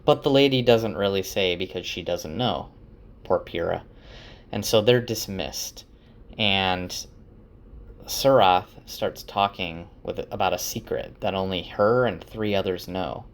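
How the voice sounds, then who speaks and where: A man casually retelling a novel's chapters for his wife, chatty and relaxed, with lots of fillers and restarts. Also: sits low, unhurried. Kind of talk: casual spoken book recap.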